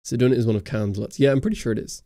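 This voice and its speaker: A Northern Irish man hosts a casual YouTube livestream, rambling through answers to viewer chat on a close studio mic. His mid-range, mellow voice races along with fairly even intonation and no room sound.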